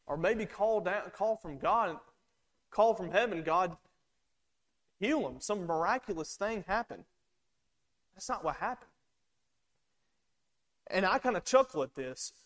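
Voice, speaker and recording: A man preaching a sermon in a conversational way, acting out the lines of the people in the story. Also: high voice. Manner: conversational, acts out quoted lines.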